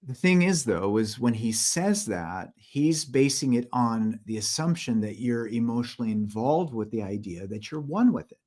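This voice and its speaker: A man's voice: medium pitch, animated, moderate pace, hardly any pauses, warm tone. A man, the guest of an interview, telling stories in an earnest way, often repeating words and acting out what others said. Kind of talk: conversational storytelling interview.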